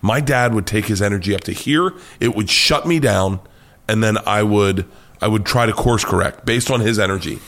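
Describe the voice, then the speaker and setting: A middle-aged man telling stories as a comedian guest in a casual interview, swearing freely and acting out quotes with sudden loud outbursts. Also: lowish voice, normal speed. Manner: animated storyteller, swears freely, acts out quotes loudly.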